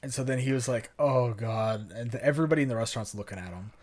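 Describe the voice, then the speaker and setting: Young dude cohosting a podcast, laid back, lots of ums, acts out the lines loosely. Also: male voice, medium pitch, fast, darkish tone. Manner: easygoing, lots of ums and quoted dialogue. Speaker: podcast co-host. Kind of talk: casual chat.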